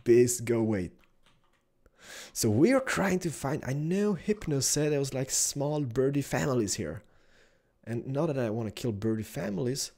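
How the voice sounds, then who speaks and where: A young man giving excitable Let's Play commentary, exclaiming and chatting to the animals he finds. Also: medium pitch, moderate pace. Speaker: gaming YouTuber.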